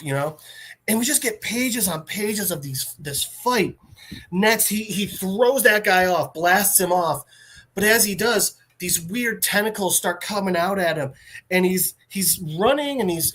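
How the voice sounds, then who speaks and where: Animated man recapping a comic. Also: high voice. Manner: animated storyteller, many fillers. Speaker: podcast host.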